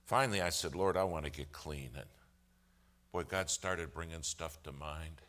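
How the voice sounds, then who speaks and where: A man, a lawyer by trade, telling a story in a sermon. He acts out the other people's lines with humor and gets loud at key moments. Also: very deep voice, moderate pace. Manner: animated storyteller, acts out quoted voices with humor. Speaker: lawyer giving a testimony.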